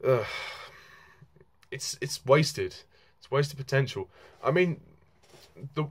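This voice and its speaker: Young man giving a rambling film review. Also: fairly low pitch. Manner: rambling, frank, many fillers and restarts, occasional laughs. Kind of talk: casual spoken film review.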